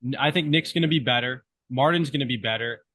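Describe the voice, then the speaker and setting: A man of middle pitch joins a podcast by remote call from home, his voice dry and close. He hesitates, restarts his sentences and softens his opinions as he goes. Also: quick pace, dry recording. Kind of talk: casual podcast chat.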